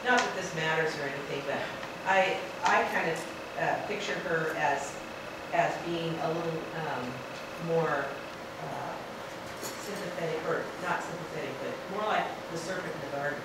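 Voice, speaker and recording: A woman's voice: sits low, normal speed. A woman in a Bible class, sharing her thoughts in a hesitant, thoughtful way. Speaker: class member. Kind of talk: group discussion. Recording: echoey room from far off, loud noise.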